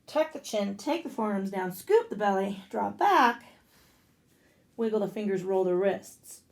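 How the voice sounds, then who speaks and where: A woman yoga instructor guiding a class out loud, casual and profane, breaking off into blunt joking rants. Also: mid-range voice, animated, measured pace, creaky. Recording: echoey room.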